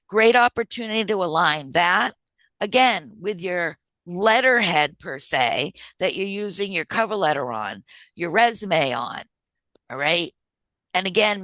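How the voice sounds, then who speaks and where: A woman's voice: lowish voice, bright, forceful tone, no echo. A woman presenting a job-search workshop in a conversational way, often checking in with her listeners. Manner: conversational, keeps checking in with "right?".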